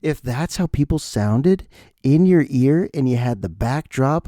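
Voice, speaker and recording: A man's voice: medium pitch, lively intonation, unhurried, warm tone, no echo, studio quality. A middle-aged man hosting a podcast, delivering a jokey, ranting comedic monologue. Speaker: podcast host.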